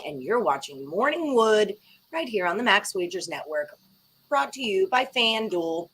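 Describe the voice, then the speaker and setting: A woman's voice: mid-range voice, fairly bright tone, slight background noise. A woman hosts a casual morning sports betting show. She talks in an upbeat, chatty way, zips through sponsor plugs, and sounds a little tired from a late night. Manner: upbeat, chatty, reads sponsor plug quickly.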